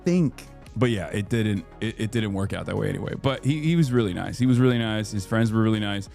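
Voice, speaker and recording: A man in his thirties, a live streamer, telling stories in casual chat with an animated, profane, ranting manner. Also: on the low side, fast, creaky, soft background music. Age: 30s.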